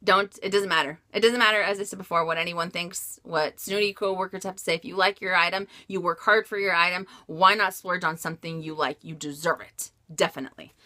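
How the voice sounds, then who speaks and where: Bright-voiced chatty woman vlogger. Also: on the low side, fairly even intonation, fairly quick, hardly any pauses. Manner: chatty, frank, laughs often, many fillers. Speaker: luxury handbag vlogger. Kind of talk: casual Q&A vlog chat.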